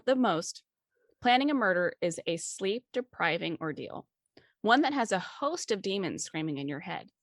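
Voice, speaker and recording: Low-voiced woman reading a story. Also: dry recording, studio quality. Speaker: story reader. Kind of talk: scripted narration.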